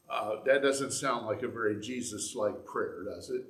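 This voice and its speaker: Middle-aged pastor guy preaching, chatty with asides, mid-pitched voice, echoey sanctuary. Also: normal speed, few pauses, bright, forceful tone. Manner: conversational preaching with asides and restarts. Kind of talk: sermon. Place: church sanctuary. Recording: echoey church room.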